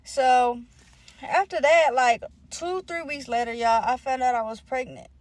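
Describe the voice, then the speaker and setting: A young woman with a slightly high voice, recorded dry and close with no room sound. She tells a personal story in a casual, rambling way, swearing freely and packing her talk with slang and filler words. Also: measured pace, no echo. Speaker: vlogger telling a personal story.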